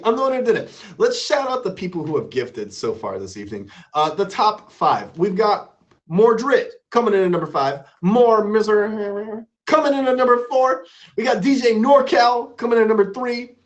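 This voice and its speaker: A man hosting a live stream, chatting casually and playfully with his guest and viewers. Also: a little high. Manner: animated, playful, shouting out supporters. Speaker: stream host.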